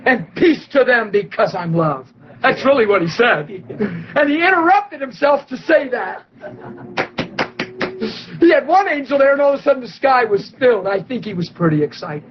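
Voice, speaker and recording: A man preaching and telling a story, animated and excitable, acting out quotes and laughing often. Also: extremely high pitch, normal speed, lo-fi sound, noisy background. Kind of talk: sermon storytelling.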